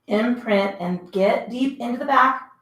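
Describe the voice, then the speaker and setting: A woman's voice: on the high side, unhurried, fairly bright tone. Woman coaching pilates in an echoey room. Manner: chatty, encouraging cues with breathy exertion sounds. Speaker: pilates instructor. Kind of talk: guided workout instruction. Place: home room, dogs heard about. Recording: roomy echo.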